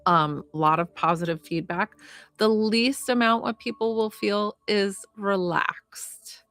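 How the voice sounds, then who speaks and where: A woman's voice: mid-range voice, unhurried, no room sound, soft background music. Chatty woman live-streaming readings. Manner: chatty, warm-hearted, rambling with many fillers. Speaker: psychic medium and healer. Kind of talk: casual live-stream chat.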